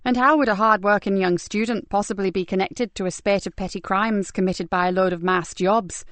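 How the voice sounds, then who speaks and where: A woman's voice: mid-range voice, steady tone, a little fast, fairly bright tone, no room sound, lightly acted. A woman voicing a fierce, driven female police inspector in an audiobook, talking sharply and bluntly. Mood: blunt, impatient. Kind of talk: audiobook character voice.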